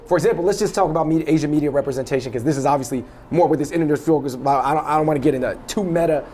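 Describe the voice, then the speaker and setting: A man's voice: a little high, racing, a little mellow, a little hiss or hum. Rambling young man chatting in a dessert shop. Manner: rambling, lots of fillers and restarts. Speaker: web video host. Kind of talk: casual interview chat.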